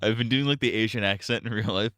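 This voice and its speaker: Young male streamer, low and bright, crisp clean voice, dry close sound, rambling crude jokes. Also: fast, no echo. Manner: rambling, crude and joking, with frequent laughs. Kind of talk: casual live-stream commentary.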